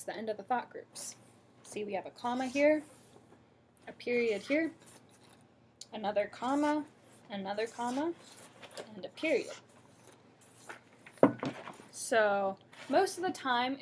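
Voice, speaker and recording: Slow, breathy woman teaching pronunciation. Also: on the high side. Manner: slow, deliberate, demonstrating intonation. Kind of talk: classroom lesson at a whiteboard.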